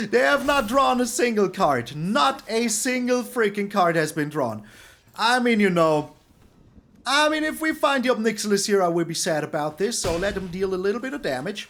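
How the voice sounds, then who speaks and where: Excitable man with a lively, high voice. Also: normal speed, a little hiss or hum. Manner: excitable, exclamatory, repeats words for emphasis. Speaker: streamer playing a card game. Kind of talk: live gameplay commentary.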